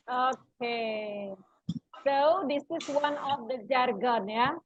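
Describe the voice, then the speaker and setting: A woman with an Indonesian accent, a university lecturer teaching an English lesson, speaking haltingly with many fillers and questions to her class. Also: high-pitched, highs cut off, a little hiss or hum.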